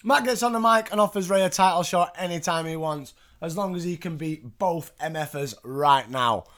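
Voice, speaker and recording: A man hosts in a loose, chatty way, recapping matches with asides and the odd swear. His voice sits a touch high for a man. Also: normal speed, a bit bright. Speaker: podcast host. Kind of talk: casual recap commentary.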